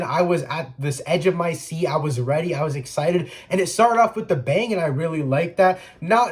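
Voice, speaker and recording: A man's voice: a little high, darkish tone. A man giving a casual spoiler review, chatty and full of "like" and restarts. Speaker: movie reviewer.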